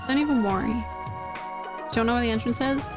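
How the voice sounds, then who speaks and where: A woman's voice: a little high, quick pace. A woman streaming a video game, chatting casually and giggling, poking fun at herself. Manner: giggly, chatty, self-mocking. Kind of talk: casual let's-play chat. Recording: game music playing underneath. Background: game music.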